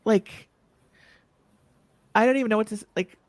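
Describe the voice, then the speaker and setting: A woman's voice: fairly high pitch, normal speed, no room sound. Woman podcast host, loose and chatty, full of fillers, dry close mic. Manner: chatty and open, many fillers, asks long questions. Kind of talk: casual interview chat.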